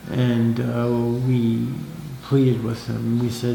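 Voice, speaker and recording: Halting man with a gravelly voice. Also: mid-range voice, completely flat delivery. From Canada. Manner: halting, many fillers and restarts, quotes others in a livelier voice. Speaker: interviewee telling his life story. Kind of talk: casual recounting of personal story. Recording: echoey room with faint noise.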